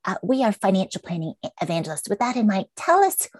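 A woman hosting an interview, effusive and quick to thank her guest. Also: medium pitch, sing-song, no echo. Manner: warm, effusive, thanking often. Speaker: interview host. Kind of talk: interview conversation.

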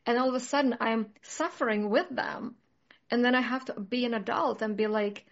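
A woman's voice: a little high, moderate pace, dull audio. A woman in casual conversation, talking earnestly and reflectively, with many "like" fillers. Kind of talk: casual chat.

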